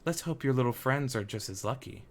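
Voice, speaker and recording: A man's voice: mid-range voice, lively intonation, brisk, background noise, natural voice. A man doing a sly, teasing woman. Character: sly confident woman traveler.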